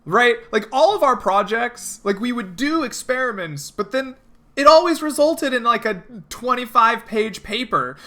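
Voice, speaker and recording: A man's voice: very high voice, animated, moderate pace, pushed and bright. A man from Texas hosting a casual chat before a tabletop game, laughing often and steering the talk to the others. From El Paso, Texas. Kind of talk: casual chat over voice call.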